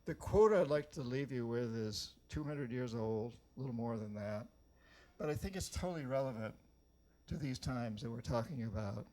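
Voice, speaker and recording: An older New Hampshire man, an author, rallies a live audience with a motivational speech full of stories and questions aimed at the crowd. His medium-pitched voice is expressive and dark in tone, at a moderate pace.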